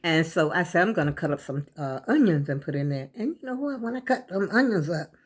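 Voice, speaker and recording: Older woman, low voice, scratchy throat, coughing, rambling folksy vlog chat. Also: animated, brisk, husky. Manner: rambling, folksy, talks straight to viewers. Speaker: vlogger. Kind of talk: casual chat to viewers.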